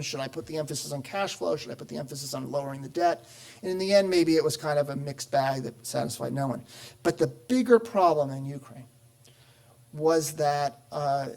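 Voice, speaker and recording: A middle-aged man with a slightly higher-than-usual voice speaks as a panel expert on sovereign debt. He explains at length, stumbling through fillers and restarts, and acts out quoted voices with animation. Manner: expository, many fillers and restarts, animated quoting. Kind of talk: policy talk.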